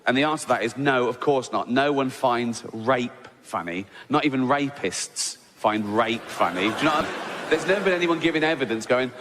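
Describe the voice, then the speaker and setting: A man's voice: mid-range voice, a little fast, fairly bright tone, long reverb tail, a little hiss or hum. A man with an English accent doing a stand-up routine, telling stories loosely and profanely and tagging lines with "right?", recorded live in a comedy venue. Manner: loose, profane storytelling with constant "right?" tags.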